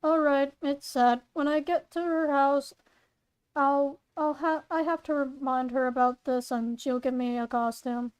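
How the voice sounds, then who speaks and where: A woman voicing a quiet, polite teenage girl who speaks softly. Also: high voice, steady tone, unhurried.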